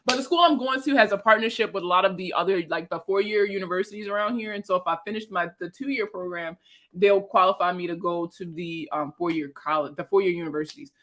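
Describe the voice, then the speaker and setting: Bright-voiced woman chatting casually on a livestream. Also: on the low side, fast talker. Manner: rambling, profane and laughing. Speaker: personal finance creator and veteran.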